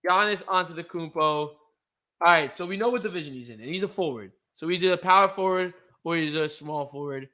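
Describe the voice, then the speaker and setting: Excitable high-voiced young man chatting sports. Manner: excitable, trash-talking, quick to shout. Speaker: podcast co-host. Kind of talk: casual sports chat.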